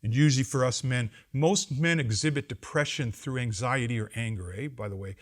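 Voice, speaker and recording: A middle-aged man, a pastor giving a conference address to seminary students, animated and wry, swinging between loud emphasis and quiet asides. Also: mid-range voice, fairly quick. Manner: wry humor and acted-out quotes. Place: seminary campus lecture.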